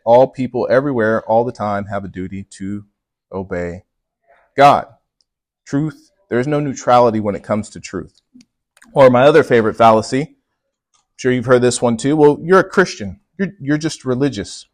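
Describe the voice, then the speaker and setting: A man's voice: medium pitch, no echo. A man preaching a sermon to a congregation, pressing hard on key words and asking the room to respond. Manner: emphatic, punches key words, talks with the congregation. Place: church with congregation.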